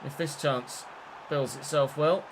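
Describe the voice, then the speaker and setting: A young man streams his football career game, talking casually over the action. He jumps from loud bursts at goals to low, half-muttered asides. A faint background hum sits under his voice. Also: unhurried. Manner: chatty, swings between excited shouts and muttered asides. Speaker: gaming streamer. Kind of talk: live game commentary.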